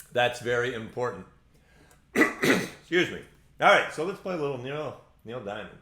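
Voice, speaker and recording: Between songs on his ukulele play-along show, this Central Florida host talks in a mid-range voice at a slow pace, leaving long pauses. The sound is roomy, and his manner is relaxed and rambling with plenty of ums and uhs.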